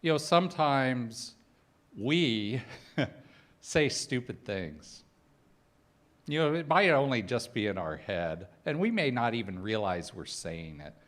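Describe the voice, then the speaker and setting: Middle-aged male speaker, conversational sermon, lively pitch, wry humor. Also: slow. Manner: conversational storytelling with humorous asides. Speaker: spiritual speaker. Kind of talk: personal sermon talk.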